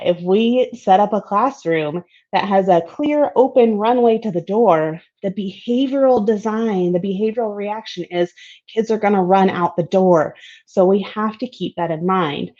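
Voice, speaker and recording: A woman's voice: mid-range voice, warm tone. A woman giving a recorded slide presentation on design principles. She talks in an upbeat, conversational way and stresses key words. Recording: dull, lo-fi.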